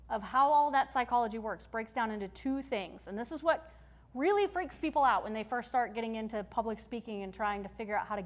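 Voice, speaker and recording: A woman giving a live workshop talk to a room, conversational and emphatic, often checking in with her audience. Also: on the high side. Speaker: workshop presenter. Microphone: handheld or stage mic.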